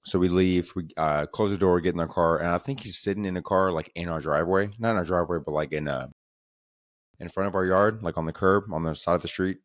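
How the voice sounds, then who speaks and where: A low-voiced man hosts a comedy podcast and tells a rambling, exasperated story. He swears freely and circles back on his points. The sound is dry and close. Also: fast, dry recording.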